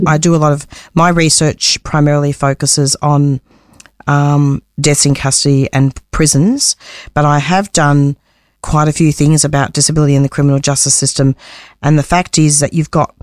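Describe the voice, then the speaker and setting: A woman from Australia giving a community radio interview, passionate and halting, often repeating words as she searches for them. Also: low-pitched, a little mellow, dry recording, clean studio sound. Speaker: community radio producer and guest. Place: Melbourne community radio studio.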